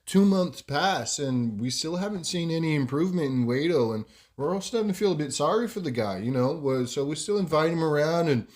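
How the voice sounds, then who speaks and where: A man's voice: on the high side, animated, a little fast, hardly any pauses, a little mellow. A man hosting a podcast, telling a story casually and rambling with lots of fillers. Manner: rambling, many fillers and "you know". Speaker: podcast host.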